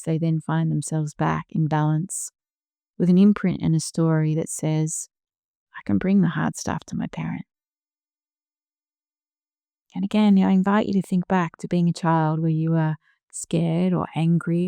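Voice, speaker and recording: A middle-aged woman hosting a solo podcast, talking in a gentle, slow, soothing way with soft hushed asides. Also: deep voice, vocal fry, clean tone, dry recording, clean studio sound. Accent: Australian. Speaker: podcast host. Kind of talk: reflective solo podcast talk.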